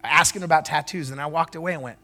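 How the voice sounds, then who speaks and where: A man preaching a sermon as a pastor, moving from loud declarations to quick, chatty storytelling in front of a church congregation. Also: fairly high pitch, faint music behind. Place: church service before a congregation.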